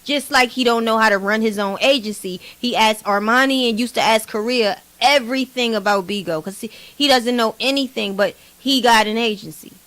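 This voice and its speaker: A woman giving blunt, animated gossip commentary as a vlog host. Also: fairly high pitch, moderate pace, few pauses. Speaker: commentary vlogger.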